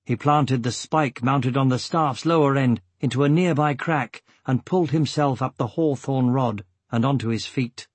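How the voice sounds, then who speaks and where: A man reading a story aloud as narrator, in a slow, deliberate, dramatic manner. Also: medium pitch, slightly rough, no room sound. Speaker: audiobook narrator. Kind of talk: scripted narration.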